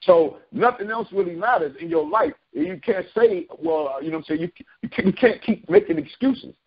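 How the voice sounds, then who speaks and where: A man's voice: high voice, very animated, moderate pace, creaky, slightly rough. A man leading a conference-call bible study, preaching with repeated phrases for emphasis. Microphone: phone conference call. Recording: dull lo-fi phone call.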